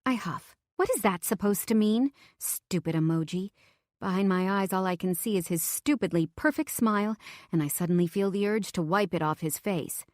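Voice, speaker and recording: A woman's voice: on the low side, moderate pace, darkish tone, no echo, studio quality. A young woman narrating a romance audiobook in the first person, emotive, lifting her voice for her own text messages.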